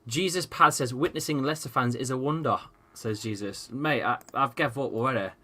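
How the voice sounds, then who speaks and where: Excitable football streamer, forceful. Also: male voice, medium pitch, a little fast. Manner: excitable, swears freely, rants at the match; reads out viewers' chat messages. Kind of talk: live-stream football watchalong chat.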